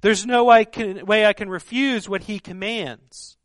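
A man preaching a sermon, earnest and emphatic, with a fairly high voice. He often sinks to a hushed tone to press his point. The recording is dry and close. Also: normal speed, no room sound. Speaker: pastor.

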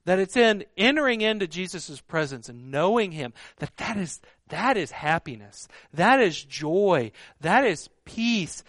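A man preaching a sermon in an earnest, emphatic way, often dropping to a hushed voice for stress. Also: high-pitched, no echo, clean studio sound. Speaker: pastor.

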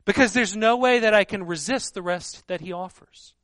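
Earnest high-voiced male preacher. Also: moderate pace, no room sound, studio quality. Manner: earnest, emphatic, drops to a hushed voice for stress. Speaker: pastor. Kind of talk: sermon.

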